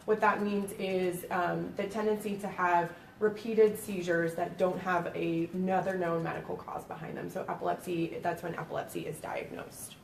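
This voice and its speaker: A woman with a Boston accent gives an educational talk as a nurse, explaining things in a friendly way with plenty of "um"s. Her voice has a gravelly edge. She is picked up from a distance in an echoey room, with faint noise underneath. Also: lowish voice, level tone, moderate pace, hardly any pauses. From Boston, USA. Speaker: pediatric epilepsy nurse presenter. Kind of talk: educational presentation. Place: library meeting room.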